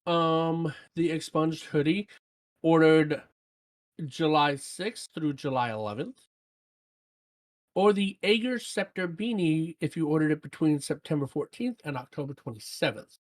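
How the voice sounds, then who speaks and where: A woman co-hosting a gaming podcast, reading out listener comments in casual chat and breaking into excited shouts. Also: low-pitched, unhurried. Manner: animated, jumps to excited shouts. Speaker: podcast co-host.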